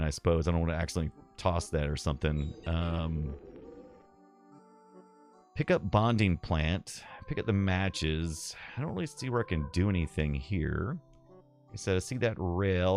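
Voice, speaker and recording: A middle-aged man from the southeastern US streaming a game live, rambling nostalgically and reading his viewers' chat aloud. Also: low voice.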